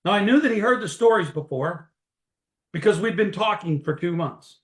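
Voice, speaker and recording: Animated storytelling man on a webinar. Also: high-pitched, moderate pace, reverberant. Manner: energetic, folksy, animated storyteller. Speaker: network marketing distributor leading a webinar.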